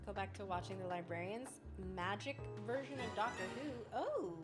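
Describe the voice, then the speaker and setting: Chatty young woman streaming a game, talks to chat, game music playing clearly behind her. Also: mid-range voice, animated, normal speed. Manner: chatty, reads and answers chat while playing; does silly voices and mimicry. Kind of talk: casual gaming livestream chat.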